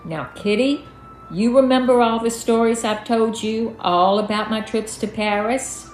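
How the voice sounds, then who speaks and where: A woman voicing a gentle deep-voiced father, a judge, coaxing his daughter tenderly. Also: measured pace, reverberant, soft background music, low-quality recording.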